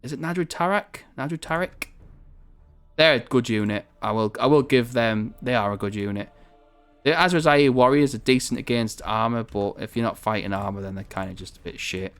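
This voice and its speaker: A man's voice: mid-range voice, brisk, fairly bright tone, clean tone, faint music behind. A man from northern England giving rambling, chatty commentary on a strategy game, swearing casually as he plays. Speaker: gaming video host.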